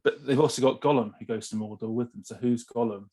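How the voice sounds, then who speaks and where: Husky male panelist, steady and deliberate, mid pitch. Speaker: podcast panelist. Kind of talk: casual chat.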